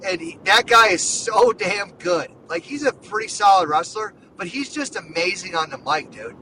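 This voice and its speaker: A man hosting a casual sports podcast, talking in an excited, rambling way full of "dude" and "like.". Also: high-pitched, moderate pace, distant mic, slight background noise, rough recording. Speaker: podcast host.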